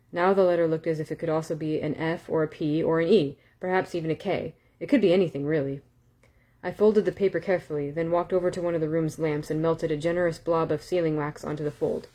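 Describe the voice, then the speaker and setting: A woman reading a novel aloud in a calm, steady way, with small self-corrections and asides. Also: deep voice, quick pace. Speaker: audiobook reader.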